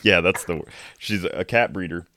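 A very deep-voiced man talks in a relaxed, halting way, full of fillers. His voice sounds dry and close to the mic, from a room at home. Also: dry recording. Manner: hesitant, filler-heavy, laid-back. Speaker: podcast co-host. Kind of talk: casual podcast chat.

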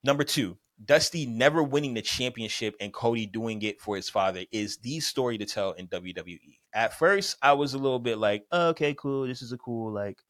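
A man's voice: mid-range voice, normal speed, hardly any pauses, no room sound. A man co-hosting a casual podcast, arguing his case point by point in a debate. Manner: animated, argues point by point in numbered reasons. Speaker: podcast co-host.

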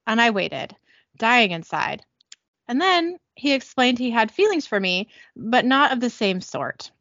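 Woman voicing a lovelorn young woman, earnest, reflective, high voice, dull sound. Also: big pitch swings, measured pace, a bit bright, no echo, heavily acted. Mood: wistful.

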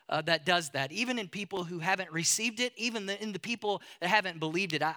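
A male pastor preaching a sermon in a storytelling manner, with halting restarts and building emphasis. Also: on the high side, bright, forceful tone.

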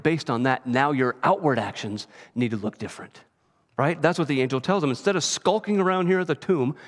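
A man preaching in a church, his fairly high voice ringing out with a long hall reverb. He keeps the sermon conversational and often checks in with his listeners by asking "right?". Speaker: pastor.

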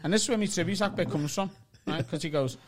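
A man's voice: high voice, fast, crowd noise. A young man with a Liverpool accent, telling a story in casual podcast chat, acting out the other people's lines and swearing freely. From Liverpool, England. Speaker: comedian, podcast co-host.

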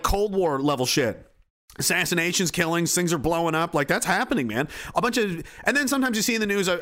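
Excitable, profane man ranting. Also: high-pitched. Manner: profane, excitable, lots of "like" and restarts. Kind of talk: casual rant.

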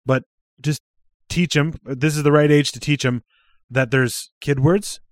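A man's voice: fairly high pitch, fairly even intonation, measured pace, dry recording, studio quality. A man co-hosting a podcast in casual chat, laughing often and handing out advice. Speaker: podcast co-host.

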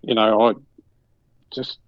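A man's voice: lowish voice, flat delivery, takes it slowly, no echo, muffled recording. A man telling long, rambling anecdotes in casual chat, acting out the voices of people he quotes. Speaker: guest.

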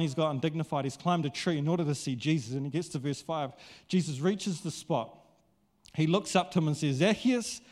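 A male pastor preaching a sermon in a casual, conversational, animated way, acting out quotes. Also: on the high side.

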